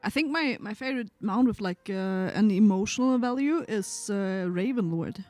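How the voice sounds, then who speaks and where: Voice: mid-range voice, expressive, moderate pace, a little mellow, no room sound, soft background music. A stream guest chatting casually, speaking earnestly with frequent hesitations. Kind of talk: casual chat.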